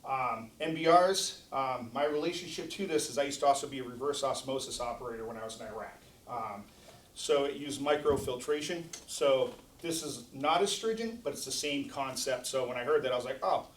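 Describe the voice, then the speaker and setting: A man in his forties talks to a club in a casual, quick, self-deprecating way. His voice carries from a distance across a reverberant meeting hall, with a faint hum behind it. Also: mid-range voice. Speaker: guest speaker. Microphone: distant mic after his mic failed.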